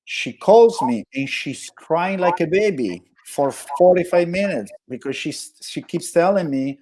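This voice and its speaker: A man with an Italian accent, a guest telling animated stories in a conversational interview, often restarting his sentences. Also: on the high side, a little slow. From Italy. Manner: animated storytelling with frequent restarts. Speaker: guest storyteller.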